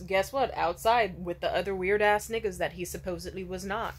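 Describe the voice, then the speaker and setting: A woman's voice: fairly even intonation, brisk, hardly any pauses. Blunt, profane young woman vlogging. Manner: blunt, profane, swings from loud to low asides. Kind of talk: casual candid monologue.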